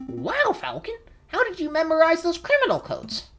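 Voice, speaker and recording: A woman's voice: very high-pitched, huge pitch swings, normal speed, fairly bright tone, soft background music, exaggerated voice. A woman voicing an eager young male sparrow assistant, wide-eyed and surprised. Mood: amazed. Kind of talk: voicing a game character while reading.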